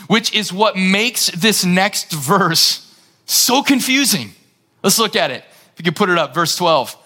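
A male pastor preaching a sermon in an energetic, conversational way, retelling scripture scenes dramatically. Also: high-pitched, measured pace.

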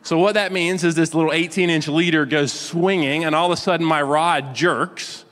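Animated man in his forties preaching. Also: a little high, moderate pace. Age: 40s. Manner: lively storytelling, self-deprecating, asks audience questions. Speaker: pastor. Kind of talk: sermon with personal story. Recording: long hall reverb.

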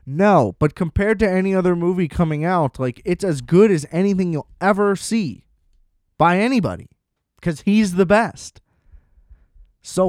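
Male podcast host, sarcastic exasperated rant, slightly high pitch, dead dry room. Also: darkish tone, dry recording. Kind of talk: casual ranting commentary.

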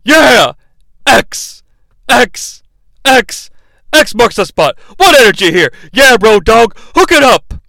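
A man putting on an impression of an excitable male wrestling commentator who shouts catchphrases. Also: extremely high pitch, slow pace, creaky, no echo, pitched above the performer's own voice, exaggerated voice. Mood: hyped.

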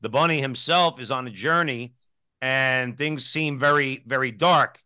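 A man hosting an interview, asking questions in an animated, loose way with frequent restarts. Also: mid-range voice, unhurried, smooth. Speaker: host.

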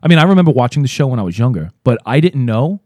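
A man's voice: mid-range voice, sing-song, rapid-fire, a little mellow, no echo. A man co-hosting a podcast, joking and teasing crudely in casual chat. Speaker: podcast co-host.

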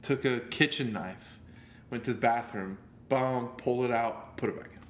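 Young guy co-host, loose and foul-mouthed, mid-pitch voice, echoey room with a little hiss. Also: normal speed. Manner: loose, profane, joking banter. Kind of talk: casual chat. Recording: echoey room with faint ambience.

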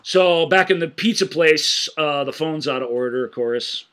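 Male podcast co-host, bright tone, eager and excitable, trips over his words when excited. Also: fairly high pitch, normal speed. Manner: enthusiastic, animated retelling with frequent stammered restarts. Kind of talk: casual film-discussion podcast chat.

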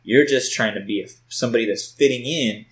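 A man's voice: medium pitch, brisk, rough recording. A man in casual podcast chat, telling a story loosely and with swearing, recorded at home on a test mic. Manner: loose, profane storytelling with lots of "like". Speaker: podcast co-host.

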